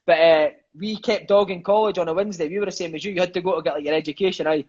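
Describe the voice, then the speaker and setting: Over lo-fi sound, a Scottish man in his thirties who used to play football spins yarns in a casual chat. His voice sits high and he talks very fast. Lively and foul-mouthed, he keeps tossing in "mate" and "eh."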